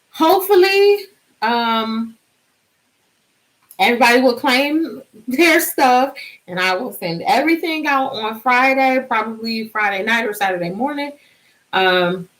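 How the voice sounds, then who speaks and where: A woman's voice: sits high, fairly bright tone, rough recording. A woman hosting a casual live stream, chatty and bubbly, sleepy and singing out little cheers.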